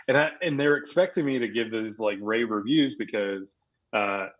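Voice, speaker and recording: A man's voice: on the low side, moderate pace, fairly bright tone, muffled recording. An American man, a guest, telling rambling stories in casual interview chat, with many fillers and self-corrections. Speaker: guest, agency founder.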